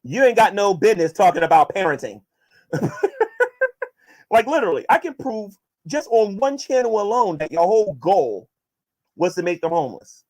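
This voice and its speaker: In a casual vlog, a man fields viewer questions and gets combative with his critics, addressing them directly and restarting often as he presses his points. His somewhat high voice is very animated and roams widely in pitch, at a moderate pace with a slightly mellow quality.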